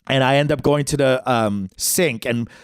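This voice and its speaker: A man and podcast co-host telling a comedic story, animated, jumping into high-pitched quoted voices. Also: moderate pace, clean tone, no room sound, studio quality.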